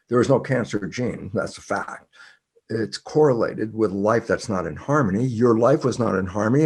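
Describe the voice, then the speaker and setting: A man's voice: on the high side, darkish tone, husky. An older man, a guest biologist and author, telling stories emphatically with rhetorical questions. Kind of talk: animated storytelling in conversation.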